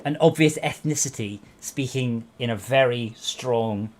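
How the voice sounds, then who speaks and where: A man's voice: medium pitch, measured pace, a little mellow, slight background noise. A man from England hosting a game livestream, teasing his friends and rambling through anecdotes in casual chat.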